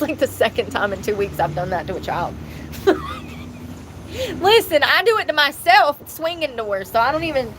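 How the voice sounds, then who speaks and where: A woman's voice: high-pitched, noisy background. A woman, rambling candidly to her viewers in a casual vlog, talking into the phone in her hand. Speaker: vlogger. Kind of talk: casual chat.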